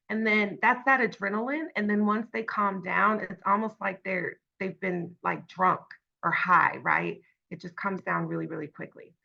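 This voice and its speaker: A woman in her thirties leading a workshop in a conversational tone, often asking "right?" and pausing on fillers. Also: medium pitch, creaky, pushed and bright, lo-fi sound. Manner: conversational, tag questions, many fillers. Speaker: workshop facilitator. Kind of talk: online workshop talk.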